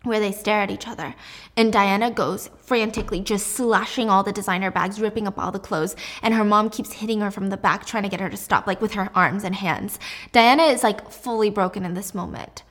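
A woman casually recapping a drama, expressive and animated, laughing often. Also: mid-range voice, a little fast.

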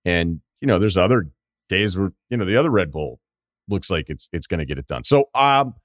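A man's voice: low-pitched, animated, fairly quick, dry recording. A man hosting a sports podcast, chatting casually and rambling with self-deprecating asides into a studio microphone. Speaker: podcast host.

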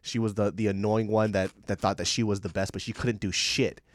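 A man co-hosting a podcast in casual chat, retelling scenes with animated, profane enthusiasm. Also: fairly low pitch, fairly quick, no room sound, studio quality. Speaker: podcast co-host.

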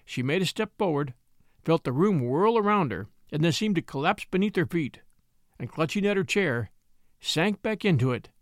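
A man narrates a classic tale as an audiobook, with expressive storytelling. His voice sits a little high and moves lively in pitch, recorded close and dry. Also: dry recording.

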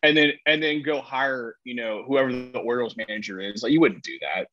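A man's voice: medium pitch, brisk, a bit bright, no echo, muffled recording. A man co-hosting a casual sports talk show, rambling through his points with lots of fillers and restarts. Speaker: podcast co-host, soccer analyst.

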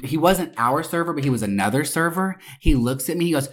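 A young podcast co-host tells a story in loose, casual chat, full of swearing and oaths. Their voice sits at a middle pitch and jumps up high when the story gets excited. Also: brisk. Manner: animated, profane, swearing oaths for emphasis.

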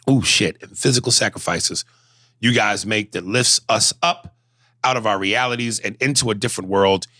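A man co-hosting a podcast, chatting casually with animated, profane storytelling and reading listener messages aloud. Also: lowish voice, no room sound, studio quality. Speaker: podcast co-host. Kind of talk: casual chat.

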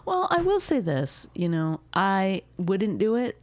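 A woman's voice: medium pitch, big pitch swings, a little slow, no echo. Teasing woman with dry close sound. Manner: teasing, mocking, laughs often. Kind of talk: casual chat.

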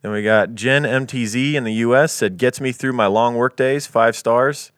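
A man co-hosting a podcast who reads listener reviews aloud in an easygoing way and adds quick asides. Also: medium pitch, fairly bright tone, no echo, clean studio sound. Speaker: podcast co-host. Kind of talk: casual podcast chat, reading listener reviews.

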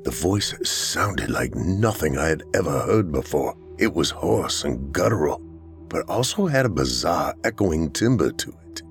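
A man's voice: a bass voice, sing-song, a little slow, creaky, soft background music. A man narrating a first-person horror story in a dramatic way, acting out the frightened lines.

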